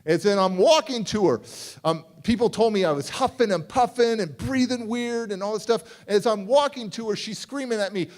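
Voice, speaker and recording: In a large conference hall, a male motivational speaker with a high-pitched voice delivers a dramatic keynote at a moderate pace, telling a personal story. He acts out the voices of the people in it and swings from hushed tones to shouting.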